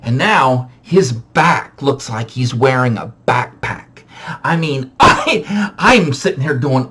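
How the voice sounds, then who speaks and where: A man casually telling a funny true story from his childhood, animated and self-mocking, with frequent restarts. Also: medium pitch, slow, slight background noise.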